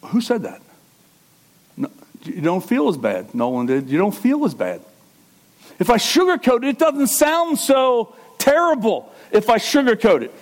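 A middle-aged male pastor giving a conversational sermon, dropping into low asides and rising into loud emphatic preaching. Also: big pitch swings, unhurried.

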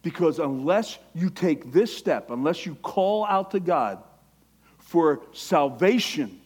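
High-voiced impassioned male preacher. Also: slow, breathy edge. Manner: impassioned, quotes scripture, acts out prayers; voice rises when excited. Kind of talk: sermon.

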